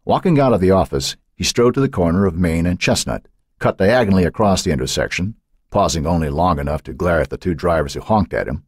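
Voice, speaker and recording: A man narrating an audiobook in a measured storytelling manner. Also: low-pitched, expressive, breathy edge, no echo, studio quality. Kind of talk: scripted narration.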